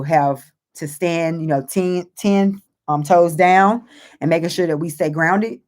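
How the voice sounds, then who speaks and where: A woman's voice: low-pitched, darkish tone. A woman hosting a motivational faith talk for her viewers, earnest and emphatic, repeating phrases and using many fillers as she encourages them. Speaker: host and author.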